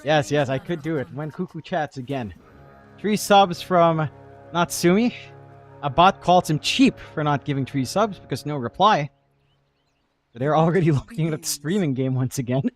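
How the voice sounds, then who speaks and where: A man with a slightly high voice commentates a live esports match, picking apart lanes and matchups in detail. Between the analysis he trades jokes with his co-caster. Faint music plays softly behind him. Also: animated, normal speed. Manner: analytical, joking banter with co-caster.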